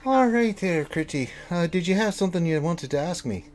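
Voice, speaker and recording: Scatterbrained gnome inventor, older man, lively lilting voice, voiced by a male game master. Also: sits high, brisk, voice pushed up. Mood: cheerful. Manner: distracted, chipper, trailing off.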